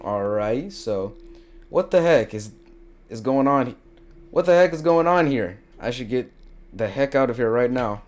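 A man's voice: medium pitch, lively intonation, normal speed, darkish tone. A young man giving jokey, casual commentary while playing a game, talking to his viewers and turning frantic when he panics. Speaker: gaming video creator. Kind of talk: casual let's-play commentary.

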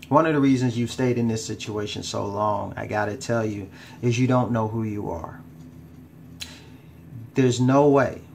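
A man coaching his viewers on relationships in a casual, emphatic way, his pitch sitting in the middle range for a man. He leans on repetition to drive points home and slips into easygoing slang. A faint hum of background noise runs underneath. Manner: emphatic, repeats words for stress, casual slang. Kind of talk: direct-to-camera advice talk.

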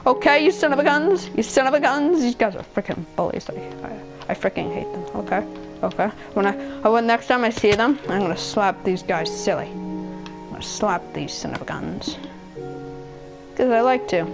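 A woman's voice: fairly high pitch, animated, normal speed, over music. A woman giving casual gaming commentary, trading childish insults and mock-angry rants at other players. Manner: childish trash talk and insults; playful, mock-angry ranting. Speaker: gameplay video maker.

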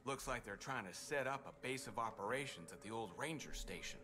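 A man's voice: mid-range voice, expressive, fairly quick, lightly acted. An actor playing a male video game character who briefs the player in a matter-of-fact way. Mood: briefing.

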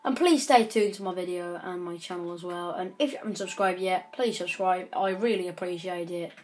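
A woman's voice: on the low side, fairly quick, a little mellow, a little hiss or hum. A woman giving chatty gameplay commentary, breaking into frequent frustrated outbursts. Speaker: gaming channel host.

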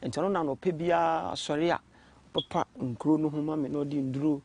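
A man gives his testimony as an interview guest. His voice sits somewhat high for a man. He talks haltingly, restarting and repeating words as he searches for what to say. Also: steady tone, gravelly, darkish tone, a little hiss or hum.

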